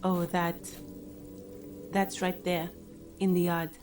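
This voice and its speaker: A woman's voice: fairly low pitch, flat delivery, slow pace. An actress voicing a polite woman dispatcher who gives directions in a matter-of-fact way. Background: game music.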